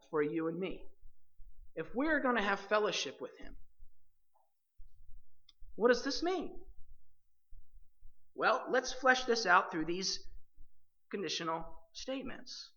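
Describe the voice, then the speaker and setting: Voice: medium pitch, animated, measured pace, pauses often, fairly bright tone, dull audio. A preacher delivering a sermon with emphatic, direct address to the listeners as believers.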